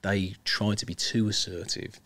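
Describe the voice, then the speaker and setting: Deep-voiced man hosting a podcast. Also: flat delivery, moderate pace, a bit bright. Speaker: podcast host. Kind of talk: casual chat.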